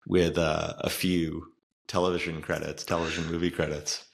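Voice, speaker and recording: A man with a very deep voice co-hosts a casual podcast. He chats loosely and reads out listener picks. His sentences often trail off midway. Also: little pitch movement, moderate pace, gravelly. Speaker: podcast co-host. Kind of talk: casual news chat.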